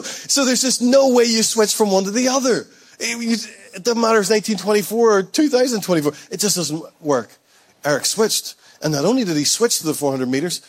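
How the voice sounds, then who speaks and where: Fired-up male preacher with a high voice. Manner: storytelling, builds up with rising excitement; conversational, calls out to the congregation. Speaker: pastor. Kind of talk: sermon.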